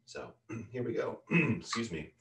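A male yoga teacher with a medium-pitched voice leads guided breathing, counting each inhale and exhale in a calm, unhurried way. The sound is roomy, picked up by a distant mic with a faint hiss or hum. A loud metronome ticks once every second in the background.

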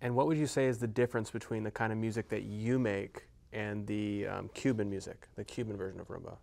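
A man's voice: fairly low pitch, fairly even intonation, a little fast, vocal fry, a little mellow. A man interviewing a guest, asking questions and giving short encouragements. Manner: brief encouraging backchannels.

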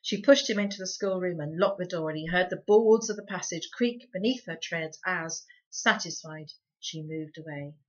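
A woman reading a children's book aloud for a book club, with a lively, dramatic storyteller's delivery. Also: lowish voice, normal speed, hardly any pauses. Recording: dull lo-fi recording.

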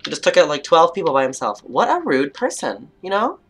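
Young Canadian woman, let's-play host, playful mock outrage, very lively pitch. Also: a little fast, husky. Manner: playful and chatty, mock outrage, jokey asides. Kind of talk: gameplay commentary, reading quest text aloud.

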